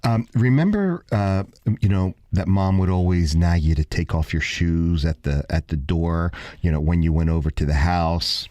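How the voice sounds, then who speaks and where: A man's voice: low-pitched, moderate pace, few pauses, no echo. A man with a Brooklyn accent hosting a radio talk show, chatting casually in a joking, playful way. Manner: joking, animated, playful teasing. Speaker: radio host, salon owner.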